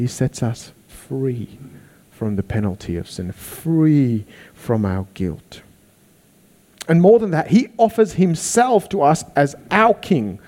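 A man preaching a sermon, animated, acting out the people he quotes. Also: mid-range voice. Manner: animated, acts out quoted voices.

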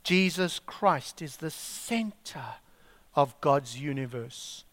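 A man preaching a sermon, emphatic and full of rhetorical questions and dramatic pauses. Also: a little high, expressive, a bit bright, no room sound. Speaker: pastor.

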